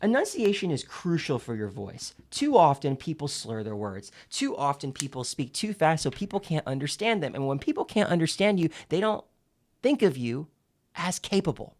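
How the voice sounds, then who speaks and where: A man teaching public speaking in an instructional video, emphatic and clearly enunciated, demonstrating exercises as he explains them. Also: a little high, sing-song, normal speed.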